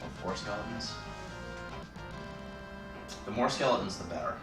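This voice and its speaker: A man with a fairly low voice chats through a game stream in a loose, playful way. He sits back from the mic in an echoey room. Loud game music plays behind him. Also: moderate pace, distant mic. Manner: playful, rambling, jokey asides. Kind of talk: casual gameplay chat on a live stream.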